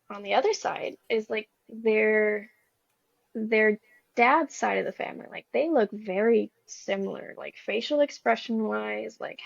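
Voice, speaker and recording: A woman's voice: on the high side, vocal fry, dry recording. A young woman talking as a guest, sharing a personal story in an earnest, rambling way. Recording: slightly dull recording.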